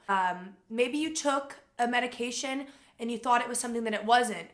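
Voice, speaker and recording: A young woman telling a personal story to camera in a casual, animated way, with lots of "like" fillers. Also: on the high side, fairly quick. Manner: animated retelling with frequent "like" fillers.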